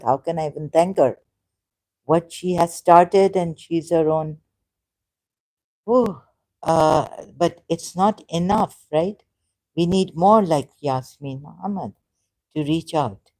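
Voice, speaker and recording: A woman's voice: low voice, slow, warm tone, rough recording. A woman on a live stream giving rambling, impassioned commentary, repeating herself and firing rhetorical questions at her viewers.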